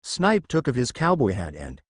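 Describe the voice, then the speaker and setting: Man narrating a fan story, lively pitch. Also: normal speed, husky, dry recording, studio quality.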